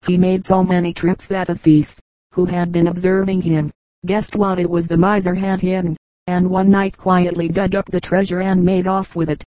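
A narrator reading fables aloud in an even, measured storytelling manner. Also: medium pitch, dry recording, low-quality recording. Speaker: audiobook narrator.

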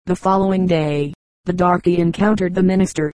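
Mellow woman reading humorous anecdotes. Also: on the low side, a little fast, no room sound, rough recording. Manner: even storytelling read, voicing quoted lines. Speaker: audiobook narrator. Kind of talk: scripted narration of short humorous anecdotes.

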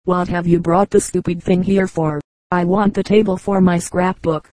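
A woman's voice: fairly low pitch, little pitch movement, moderate pace, a little mellow, no room sound, natural voice. A woman voicing a girl, a sulky and cross older sister, in a storybook reading, speaking curtly. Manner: cross, curt.

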